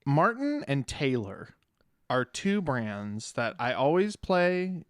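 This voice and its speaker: A man's voice: medium pitch, sing-song, takes it slowly, no echo, clean studio sound. A man co-hosting a casual chat, commenting and reacting to the others. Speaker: co-host.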